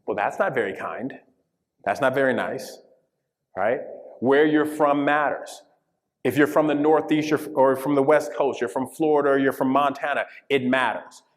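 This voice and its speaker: A man from Colorado, USA, with a mid-range voice leads an interactive diversity workshop in a conference session room, speaking emphatically at a moderate pace and checking in with the audience often. The recording has the long reverb of a large hall.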